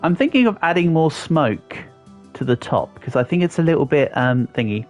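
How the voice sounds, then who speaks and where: A man's voice: on the high side, lively intonation, normal speed, highs cut off, soft background music. An English man in his thirties, chatting casually on a live stream and answering viewers' comments as he builds. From England. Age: 30s. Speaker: livestreamer.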